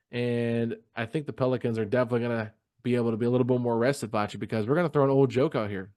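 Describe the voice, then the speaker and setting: A male sports podcast co-host keeps up a casual, playful back-and-forth, needling his partner. His voice has an ordinary middle pitch. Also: a little mellow.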